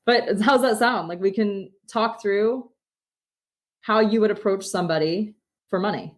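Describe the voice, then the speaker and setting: A woman co-hosting a casual podcast, upbeat and quick to laugh as she pitches ideas to her co-host.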